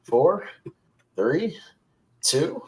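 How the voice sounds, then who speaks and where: A man's voice: on the high side, very animated, extremely slow, darkish tone, low-quality recording. A man hosting a horror trivia game, reading each clue twice and counting down. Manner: reads each clue twice, laughs easily. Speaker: quiz host.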